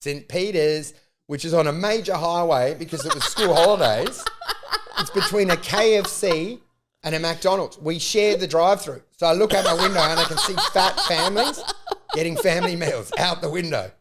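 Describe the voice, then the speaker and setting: An Australian man telling a long comic story as a podcast host, swearing freely and ranting in an animated way. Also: a little high, moderate pace, background noise. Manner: profane, animated, rant-like storytelling. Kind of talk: casual comedic storytelling.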